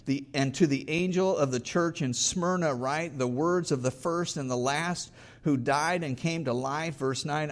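A man's voice: fairly high pitch, a little mellow. A middle-aged male pastor preaching an earnest sermon and reading scripture aloud with emphasis.

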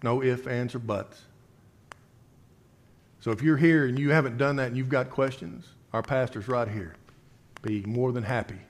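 A man preaching a sermon in a conversational way, reading scripture and asking the listeners rhetorical questions. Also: mid-range voice.

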